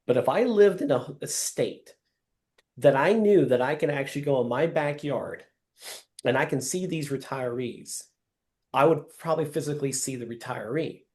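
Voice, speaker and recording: A man's voice: mid-range voice, normal speed. A man leading a live sales training session over a video call, acting out scenes and calling on trainees by name. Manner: animated, acts out scenes, addresses trainees by name.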